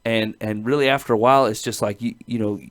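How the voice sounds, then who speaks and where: A man's voice: medium pitch, steady tone, fast talker. Earnest rambling middle-aged man. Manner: earnest, rambling storytelling with frequent laughs. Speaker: podcast host. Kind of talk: casual chat.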